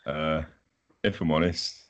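A man's voice: extremely low pitch, steady tone, measured pace, highs cut off. A man, a podcast guest chatting casually in an easygoing, self-deprecating way. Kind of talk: casual chat.

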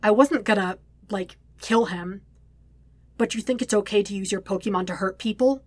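A woman's voice: mid-range voice, normal speed, dry recording, natural voice. A woman voicing a bitter young man who speaks coldly and cruelly in a hiss. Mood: cold anger. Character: cold, furious young man with a grudge. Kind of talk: audiobook reading.

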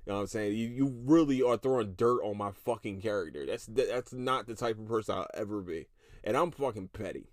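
A man in his thirties hosts a solo podcast, ranting with heavy swearing and bursting into laughter. His fairly low voice moves briskly, and the sound is studio quality with no echo.

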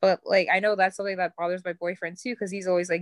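A woman's voice: fairly low pitch, little pitch movement, fast, dry recording. A young woman from New York with a New York accent, a podcast guest telling stories in casual chat, with many 'like' fillers. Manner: storytelling with heavy 'like' fillers.

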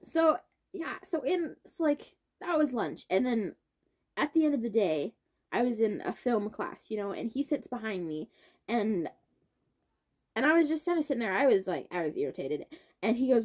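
A young woman co-hosting a casual chat podcast, telling a story in an animated way and acting out what others said. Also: normal speed. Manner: animated storytelling, quotes others with big pitch swings. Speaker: podcast co-host.

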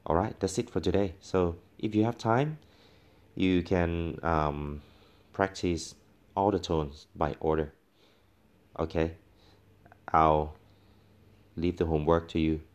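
Very deep, slow-talking male teacher. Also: darkish tone. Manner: patient, demonstrates sounds by repeating them. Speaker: language teacher. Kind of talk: tone pronunciation lesson.

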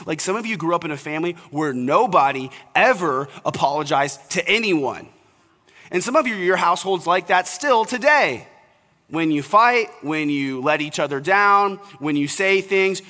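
A man's voice: high-pitched, pushed and bright. A young man preaching an earnest, conversational sermon to fathers as pastor. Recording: reverberant hall.

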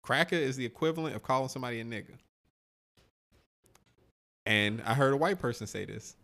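A man's voice: medium pitch, a little fast, creaky, fairly bright tone. A young man co-hosting a podcast, rambling in a loose, profane casual chat full of "like" and "man". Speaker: podcast co-host.

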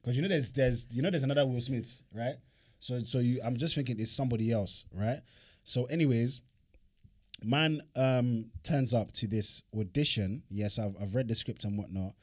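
A man's voice: mid-range voice, normal speed, no room sound, clean studio sound. A man, co-hosting a podcast, telling a story in casual, slangy chat, with bursts of laughter. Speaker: podcast co-host.

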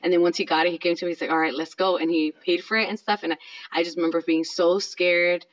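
A woman's voice: on the low side, fairly even intonation, fast talker, low-quality recording. A woman in her thirties telling a personal story in a casual, chatty way, with lots of fillers. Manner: chatty, filler-heavy, self-conscious.

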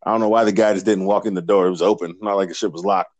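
A man co-hosting a casual podcast, telling stories in a profane, animated way. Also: low voice, rapid-fire, dry recording. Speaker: podcast co-host. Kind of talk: casual chat.

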